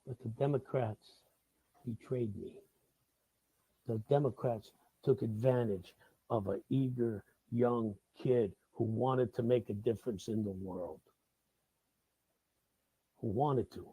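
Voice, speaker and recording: A man's voice: mid-range voice, slow, long pauses, warm tone, slightly rough, no echo. A middle-aged man from the Bronx with a New York accent, hosting a live talk-show monologue, swearing freely and repeating himself in heated bursts. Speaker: host.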